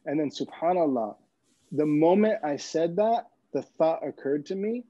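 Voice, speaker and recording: A man from California recounts his own story as a guest, with humor and frequent laughter. His voice is mellow and relaxed. The recording sounds dry and somewhat dull. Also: on the high side, measured pace, dry recording. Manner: humorous, laughs often, repeats words. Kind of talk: personal storytelling in a talk.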